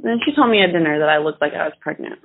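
A young woman telling stories in casual chat, acting out loud quotes with big swings. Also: low-pitched, very fast. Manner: animated storyteller, swings into loud mock quotes. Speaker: podcast co-host. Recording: tinny phone-like audio.

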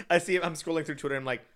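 A man's voice: on the high side, a little fast, slight background noise. A man in casual chat with a friend, telling rambling stories and giggling often. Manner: giggly, animated, rambling storyteller.

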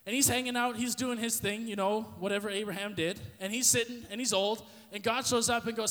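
A man's voice: sits high, steady tone, fairly quick, few pauses, a bit bright. A man hosting a faith podcast, retelling a Bible story in a casual, slangy way with frequent restarts. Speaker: podcast host. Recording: long reverb.

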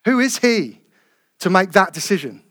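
A man preaching a sermon, earnest and emphatic, slowing down to stress key phrases. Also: sits high, big pitch swings, a bit bright.

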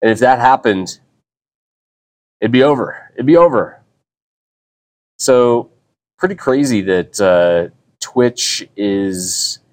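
A middle-aged man hosting a casual solo podcast, talking in a rambling, easygoing way with frequent restarts. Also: fairly low pitch. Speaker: podcast host.

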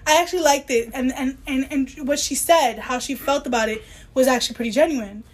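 A woman's voice: sits high, a little fast. A woman co-hosting a podcast, talking casually and animatedly about a book, often restarting her sentences. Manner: animated, self-interrupting, quotes the book in voices. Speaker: podcast co-host.

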